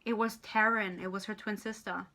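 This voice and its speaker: A woman's voice: medium pitch, fairly even intonation, bright, forceful tone. Exasperated, foul-mouthed woman ranting. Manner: exasperated, profane, sarcastic; acts out characters in quick impressions. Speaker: book reviewer. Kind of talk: ranting book review vlog.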